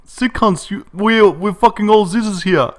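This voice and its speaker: A man putting on the voice of a loud, brash young gym-and-party bro, crude and boisterous. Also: measured pace. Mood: rowdy. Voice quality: high, boisterous, crude slang.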